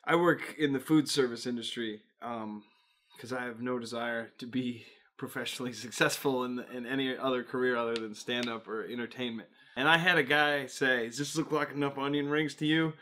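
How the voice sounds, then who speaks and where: A man's voice: medium pitch, steady tone, a little fast, sharp tone. A male stand-up comedian in a documentary interview, telling rambling, profane stories.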